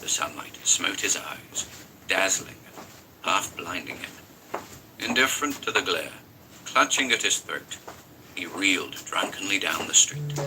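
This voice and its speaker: A man's voice: lowish voice, low-quality recording. A man reading a horror story aloud in an intense, dramatic narration. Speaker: story reader.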